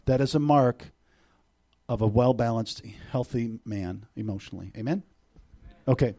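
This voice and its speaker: A middle-aged man preaching a sermon as a visiting preacher to a church congregation, animated, swinging between loud bursts and hushed, intimate passages, with joking asides. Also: mid-range voice, moderate pace.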